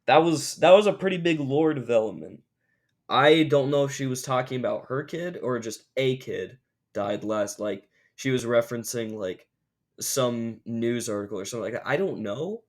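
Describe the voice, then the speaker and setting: Speaking at a moderate pace with a mid-range voice, this young vlogger rambles casually through a story. He's animated, drops lots of "like" and other filler words, and performs the quoted lines.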